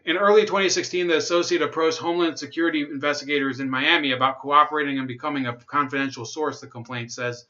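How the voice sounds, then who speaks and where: A man's voice: medium pitch, fairly even intonation, fast talker, hardly any pauses, sharp tone, highs cut off. A young man hosting a livestream, reading news articles aloud and breaking off for sarcastic asides and chat comments. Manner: sarcastic, laughs at own jokes, reads chat comments. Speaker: livestream host.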